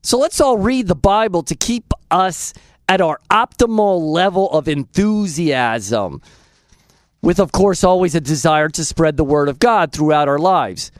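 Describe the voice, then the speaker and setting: A man's voice: on the high side, animated, measured pace, no room sound. A man hosting a Christian call-in radio show, preaching earnestly and chuckling at his callers. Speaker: radio host.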